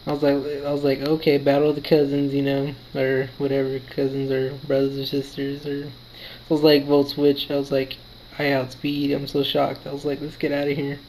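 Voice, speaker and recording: Tired male gamer narrating a battle in an even, mid-pitched voice, quick relaxed delivery. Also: a little hiss or hum, low-quality recording. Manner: quick, relaxed play-by-play, quotes his own thoughts. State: tired, yawning. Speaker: gaming commentator. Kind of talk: casual battle commentary.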